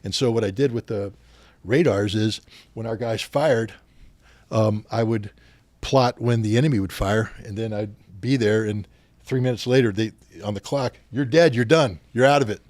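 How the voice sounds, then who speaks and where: A middle-aged man, a podcast guest, telling anecdotes in an interview, getting louder as he retells confrontations. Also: lowish voice, fairly even intonation, normal speed, dry recording. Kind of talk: storytelling interview.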